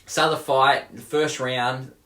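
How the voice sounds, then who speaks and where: In an echoey room, a male co-host of a movie review show chats casually about film. His medium-pitched voice is fairly bright and fairly even in intonation, and he speaks unhurriedly while retelling scenes animatedly with many restarts.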